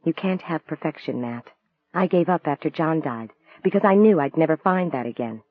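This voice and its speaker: A man reading the lines of a gentle, wistful woman novelist in a soft, earnest voice, raising his pitch for her. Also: animated, normal speed. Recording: dry, tinny phone-like sound.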